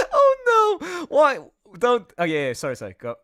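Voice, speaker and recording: Excitable male streamer, bright tense voice, laughs a lot, breaks off mid-thought. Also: very high-pitched. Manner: excitable, laughs often, trails off mid-sentence. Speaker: streamer and artist. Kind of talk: casual livestream chat.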